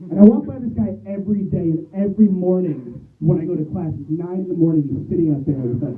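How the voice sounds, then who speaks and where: Young man, stand-up comedian, rambling asides, high lively voice, tinny phone-like sound. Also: recorded from a distance, slight background noise. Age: young adult. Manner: rambling, self-deprecating, quick asides.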